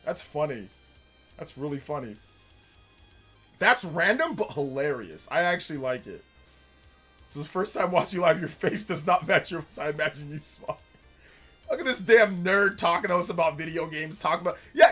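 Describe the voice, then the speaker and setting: Upbeat male streamer with a bright voice. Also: a little high, animated, moderate pace, pauses often, slightly rough, faint music behind. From California. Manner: upbeat presentation voice, laughs often, chatty with viewers. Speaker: streamer hosting a live gaming news show. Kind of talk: casual live-stream chat.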